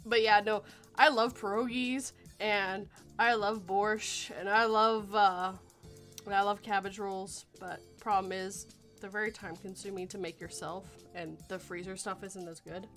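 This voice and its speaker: A woman's voice: medium pitch, fairly even intonation, unhurried, fairly bright tone, soft background music. Giggly woman hosting a chat. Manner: giggly, reads chat messages aloud, punny. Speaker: podcast host. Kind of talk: casual livestream chat.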